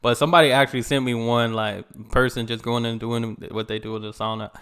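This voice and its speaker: Brief: casual male reactor, mid-pitched, easygoing, talks straight to his viewers. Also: quick pace, clear, resonant tone. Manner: relaxed, chatty, laughs along easily. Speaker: reaction video host.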